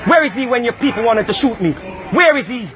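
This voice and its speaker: A man from Jamaica, ranting and shouting confrontationally at people outdoors. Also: very high-pitched, expressive, fast, a crowd in the background.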